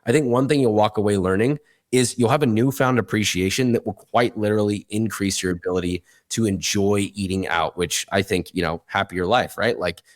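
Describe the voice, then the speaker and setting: A man's voice: fairly low pitch, fairly even intonation, fairly quick, no echo, studio quality. A man, a chef and cookbook author, chatting as a guest on a podcast, enthusiastic and emphatic with casual swearing. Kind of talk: casual interview chat.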